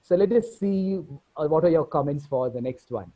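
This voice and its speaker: A man's voice: on the high side, expressive, moderate pace, dark tone. A man with an Indian English accent running an online workshop, reading chat comments aloud one by one over a video call. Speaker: workshop presenter. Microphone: computer mic on a video call. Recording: dull lo-fi video call audio.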